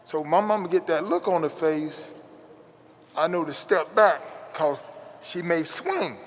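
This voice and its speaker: A man's voice: fairly high pitch, animated, measured pace, in a large hall, slight background noise. A man, an interview guest, telling a childhood story in a folksy, repetitive way with many restarts. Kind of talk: casual storytelling.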